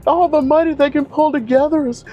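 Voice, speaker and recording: A man's voice: fairly even intonation, a little fast, dull audio. A man voicing a tearful female real estate agent pleading for her buyers. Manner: pleading, high-pitched.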